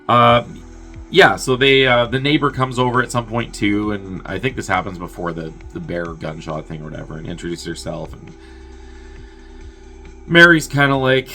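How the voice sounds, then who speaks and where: A man's voice: on the low side, creaky, sharp tone. A man hosting a movie review show, casually recapping a plot in a rambling, wry way and laughing at his own jokes. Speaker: movie review podcast host.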